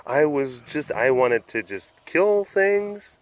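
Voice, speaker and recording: A man's voice: medium pitch, sing-song, takes it slowly, noisy background. A man voicing a male big cat who sheepishly admits to his bad temper.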